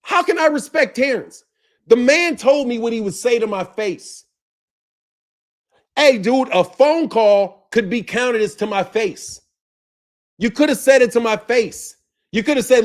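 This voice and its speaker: A man's voice: extremely high pitch, expressive, a little slow. A man hosting a boxing channel, ranting in heated, profane, confrontational bursts and repeating himself as he calls someone out. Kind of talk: ranting commentary to camera.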